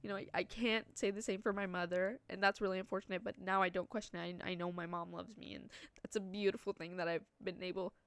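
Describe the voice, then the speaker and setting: Chatty young woman with a gravelly edge. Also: medium pitch, little pitch movement, fast talker, no echo. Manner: rambling, restarts, many "like" and "you know". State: tearful, voice breaking. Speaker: vlogger. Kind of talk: personal vlog confession.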